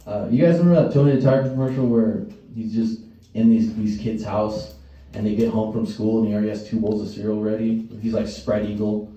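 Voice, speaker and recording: A man's voice: on the low side, fairly even intonation, fairly quick, mellow, lo-fi sound. A male stand-up comedian doing a crude, rambling set and laughing at his own jokes. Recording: echoey room, distant mic, faint noise.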